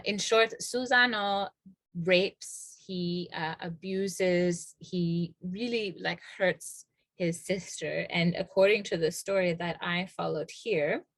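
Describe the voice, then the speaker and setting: A woman guest retells ancient myths in a relaxed, rambling way, full of fillers and restarts. Her voice is on the low side for a woman. The recording is close and dry. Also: no echo. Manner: hesitant, lots of fillers and restarts. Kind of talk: casual storytelling in conversation.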